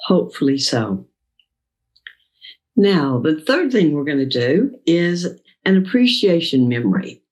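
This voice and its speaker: A woman leading a guided Christian mindfulness session, talking slowly and gently through breathing exercises. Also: sits low, sing-song, low-quality recording. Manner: slow, gentle spoken guidance of breathing. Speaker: mindfulness leader.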